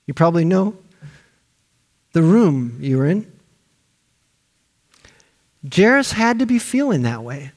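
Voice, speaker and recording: A male pastor preaching a sermon, telling a story with lively acted-out voices for the people in it. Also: a little high, slow pace, long pauses. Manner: animated storytelling, acting out quoted voices.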